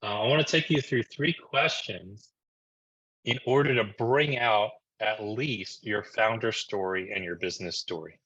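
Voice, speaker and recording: A man from New Jersey leads a live online marketing session in a bright, forceful voice. He talks in an energetic, conversational way and keeps tossing "right?" to his listeners. The video call audio sounds a little dull and lo-fi. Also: on the low side, unhurried, husky. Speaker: marketing coach presenting a webinar.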